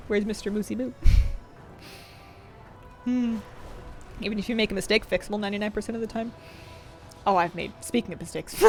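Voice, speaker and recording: A woman streamer chatting casually, rambling and affectionate, often restarting her sentences. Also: medium pitch. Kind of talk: casual chat.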